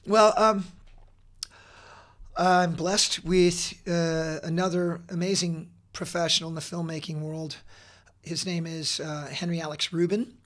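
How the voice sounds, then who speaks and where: A middle-aged man talking as a podcast guest, earnest and energetic, with many fillers and restarts. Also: fairly high pitch, unhurried. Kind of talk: casual interview talk.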